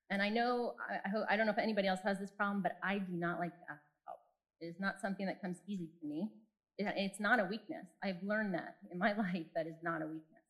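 A woman's voice: medium pitch, fairly bright tone, low-quality recording. Candid woman giving a faith talk. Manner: candid, self-deprecating storyteller. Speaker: speaker.

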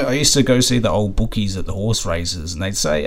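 Deep-voiced Australian man rambling casually. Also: lively intonation, fairly quick, few pauses. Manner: rambling, casual swearing, frequent fillers. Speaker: podcast host. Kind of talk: casual storytelling monologue.

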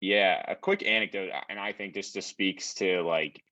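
A man's voice: deep voice, normal speed, rough recording. A young man, a podcast co-host and former college athlete, telling anecdotes in casual conversation with many restarts. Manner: animated anecdotes with frequent restarts.

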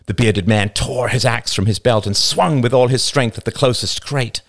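A man narrating a novel as an audiobook, slow, deliberate and dramatic. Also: mid-range voice, creaky, dry recording, studio quality.

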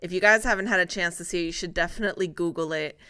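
A woman's voice: fairly low pitch, racing, bright, forceful tone, clear, resonant tone. A woman hosting a casual talk show, chatting through the news with small laughs. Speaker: show host. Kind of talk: casual radio-show chat.

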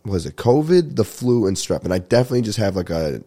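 A man's voice: fairly low pitch, very animated, fast, warm tone. Congested young man rambling through stories. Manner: rambling, swearing, laughs while telling stories. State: congested, getting over a sinus infection. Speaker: podcast host. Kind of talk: casual comedic storytelling.

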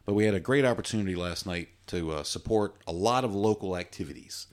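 This Virginian man co-hosts a podcast, keeping the talk casual, jokey, and meandering. He talks fast in a low-sitting voice.

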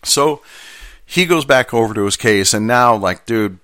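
A man's voice: mid-range voice, lively intonation, unhurried, bright, forceful tone, dry recording, studio quality. A mail carrier, a man telling a story from his job in a casual, rambling, conversational way with self-deprecating asides.

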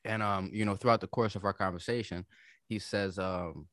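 A man's voice: sits low, steady tone, moderate pace, fairly bright tone, dry recording, studio quality. A man on a casual podcast telling stories from his day, profane and acting out the people in them. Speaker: podcast co-host. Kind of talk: casual storytelling chat.

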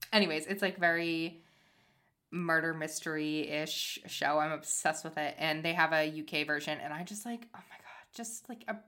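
Bright-voiced chatty woman podcaster. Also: lowish voice. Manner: chatty, tangent-prone, lots of fillers. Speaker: podcast co-host. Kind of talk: casual chat.

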